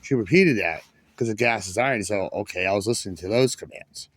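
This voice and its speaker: A man's voice: lowish voice, fairly quick, a bit bright, no echo. A man rambling through a casual story, restarting sentences and swearing freely. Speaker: vlogger.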